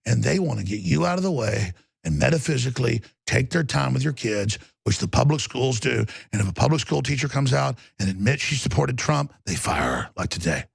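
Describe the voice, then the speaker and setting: A man's voice: mid-range voice, big pitch swings, a little fast, creaky, slightly rough, dry recording. A male talk show host delivering an intense, emphatic, rambling monologue.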